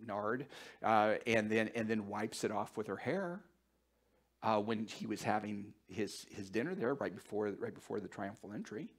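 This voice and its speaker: A male pastor preaching a sermon, animated and joking, with repeated words and fillers as he thinks aloud, sometimes dropping to a hushed near-whisper. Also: on the low side, moderate pace.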